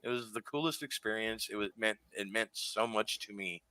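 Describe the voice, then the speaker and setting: Male guest, low and bright voice, rambling story, close dry mic. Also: moderate pace, no room sound. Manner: animated, lots of fillers and restarts. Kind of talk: casual storytelling on a radio show.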